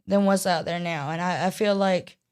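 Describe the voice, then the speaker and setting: A woman's voice: on the low side, steady tone, normal speed, darkish tone, clean tone. A woman from Georgia with a Southern accent, talking as a podcast guest in a chatty, rambling way with many restarts. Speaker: guest singer-songwriter. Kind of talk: casual podcast interview.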